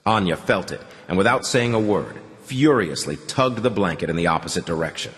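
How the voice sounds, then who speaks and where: Brief: somber male audiobook reader; low, measured, echoing. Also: animated. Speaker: audiobook narrator. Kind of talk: scripted narration. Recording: long reverb.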